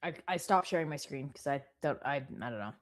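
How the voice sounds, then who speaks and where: A woman with a fairly low voice hosts a casual live stream. She is playful and giggly, quick to laugh and to apologize as she banters with her co-host. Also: lively intonation. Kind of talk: casual chat.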